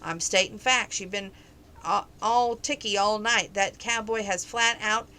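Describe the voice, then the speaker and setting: Plain-spoken young woman friend, teasing, bright tone, read by a woman narrator. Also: mid-range voice, unhurried, poor audio. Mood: frank.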